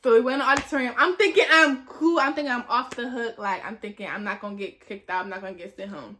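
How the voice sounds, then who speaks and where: A young woman chats through a long personal story with a high, bright, lively voice. She repeats phrases for emphasis and slips into other people's voices as she acts out the scene. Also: fast, slight background noise. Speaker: vlogger, flight attendant. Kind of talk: casual storytelling.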